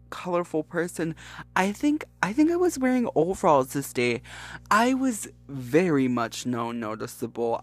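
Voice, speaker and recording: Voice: mid-range voice, dry recording. A young adult host telling a comic story in casual talk, swearing freely and repeating phrases for emphasis. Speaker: podcast host.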